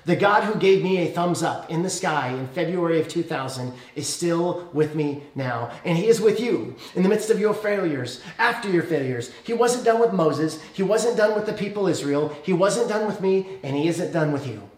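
A man preaching a sermon as pastor, telling a story earnestly and praying softly. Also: animated, moderate pace, hardly any pauses, reverberant. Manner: earnest storytelling, dropping soft and low in prayer.

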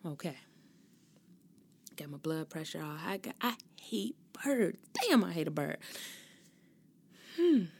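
A woman's voice: fairly low pitch, sing-song, takes it slowly, gravelly, long pauses, husky. A young adult woman hosting her own podcast, talking casually and expressively, ranting and cursing freely. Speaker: podcast host. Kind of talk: casual solo talk.

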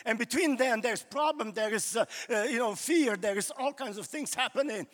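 A man's voice: very high voice, normal speed, fairly bright tone, big-room sound. A male pastor preaching a sermon in a loose, conversational way, full of "you know" fillers, recorded live in a church.

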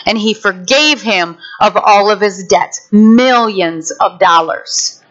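A woman preacher delivering a sermon with animated storytelling, acting out the characters. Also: mid-range voice, slow. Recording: dull lo-fi sound.

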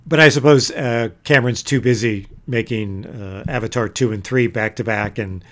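A man's voice: medium pitch, normal speed, fairly bright tone. A man co-hosting a podcast in casual chat, with dry, sardonic wit. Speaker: podcast co-host.

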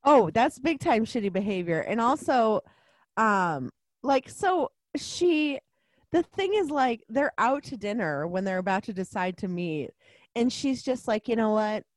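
A woman's voice: on the high side, measured pace, dry recording. Playful woman chatting, voice swoops all over, dry sound. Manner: laughing, playful, expressive quoting. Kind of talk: casual chat.

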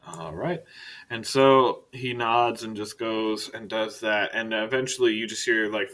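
A man's voice: on the low side, measured pace, a bit bright. A man narrating as game master of a tabletop game, in an easygoing way with laughs.

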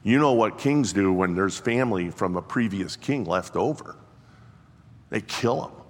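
A man voicing a villager who speaks low and wryly, confiding gossip. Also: expressive, measured pace. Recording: long hall reverb.

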